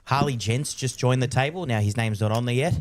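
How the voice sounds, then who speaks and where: A man's voice: mid-range voice, fairly quick, no echo. A man doing live poker commentary, chatty and teasing his co-host.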